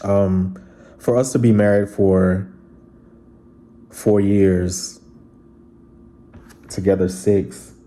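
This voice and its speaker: A man's voice: fairly low pitch, steady tone, drawn-out words, pauses often, warm tone. A man, chatting casually and earnestly as he reads out viewer comments on his vlog. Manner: earnest and heartfelt, addressing viewers directly. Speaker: vlogger reading viewer comments. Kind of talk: casual chat.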